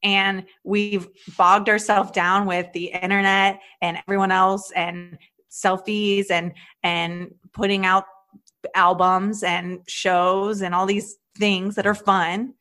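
A woman in her thirties, a stand-up comedian co-hosting a podcast, chatting casually with animated storytelling, swearing freely and acting out quoted voices. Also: medium pitch, slow pace. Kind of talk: casual chat.

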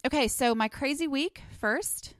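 A Texas woman hosts her own podcast from home, sitting under a blanket and rambling casually, full of ums and asides. Her high-pitched voice moves at a measured pace, recorded at studio quality with no room sound.

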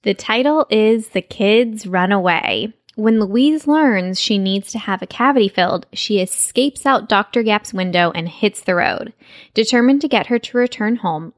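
A woman from Texas co-hosting a podcast in a relaxed chat, talking quickly with many fillers and restarts. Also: mid-range voice, no room sound, clean studio sound. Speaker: podcast co-host. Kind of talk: casual chat.

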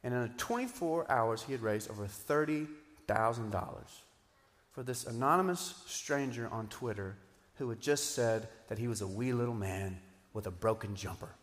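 Animated man preaching in a reverberant hall. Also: medium pitch, normal speed. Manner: animated, swinging between loud emphatic bursts and quiet asides. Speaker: pastor. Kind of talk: sermon. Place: church auditorium.

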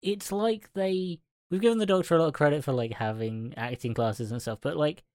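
A man co-hosting a casual film chat podcast, relaxed and hedging, often laughing along with the others. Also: fairly high pitch, fairly quick, no room sound, studio quality. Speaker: podcast co-host.

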